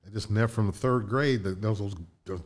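An older man from Indiana, a guest in a casual interview, tells animated anecdotes with restarts and laughs. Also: on the low side, a little fast. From Indiana, USA.

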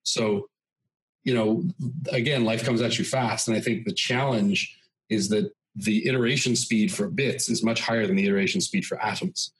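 Man, breathy low voice, podcast guest, talkative, example-heavy explainer. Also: fairly even intonation, moderate pace, low-quality recording. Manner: expansive storyteller, dense with examples. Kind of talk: conversational podcast interview.

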